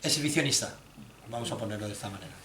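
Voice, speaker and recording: A man's voice: fairly low pitch, very fast, sharp tone. Man interpreting a talk, hesitant, lots of ums, echoey room with noise behind. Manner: hesitant, searching for words with many fillers and restarts. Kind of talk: consecutive interpreting. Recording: echoey hall with clear background noise.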